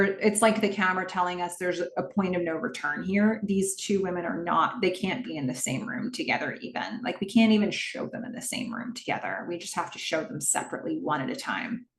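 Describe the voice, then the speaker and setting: A woman hosting a podcast recaps a TV episode scene by scene in the present tense, voicing the characters' lines as she goes. Her voice is medium-pitched and the recording is reverberant.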